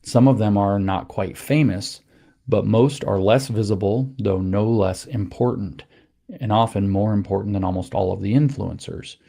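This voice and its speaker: A man delivering a deliberate, lecturing podcast monologue. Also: lowish voice, fairly even intonation, creaky, warm tone. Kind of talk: scripted political monologue.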